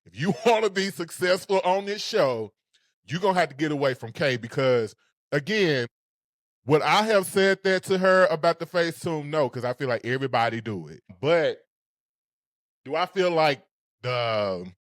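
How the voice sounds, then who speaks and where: A man co-hosting a casual recap show, talking in a sassy, animated way. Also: fairly high pitch, moderate pace, no room sound, clean studio sound. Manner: sassy, animated, sings phrases. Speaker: podcast co-host.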